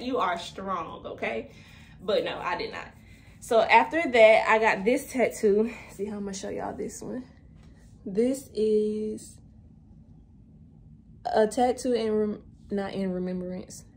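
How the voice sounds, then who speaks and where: A young woman in her twenties chatting casually to viewers in a vlog, a little out of breath, saying "y'all" often. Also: medium pitch. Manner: chatty, addresses viewers as "y'all", many fillers. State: slightly out of breath. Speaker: vlogger. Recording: echoey room, faint background noise.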